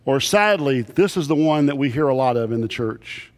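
A man's voice: medium pitch, lively intonation, normal speed. A man preaching a sermon to a congregation, telling folksy, humorous stories. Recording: long reverb of a big hall.

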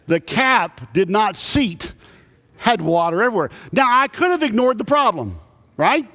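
A man's voice: high voice, very animated, a little slow, bright, forceful tone. A man preaching a sermon to a congregation, telling folksy, humorous stories. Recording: long reverb of a big hall.

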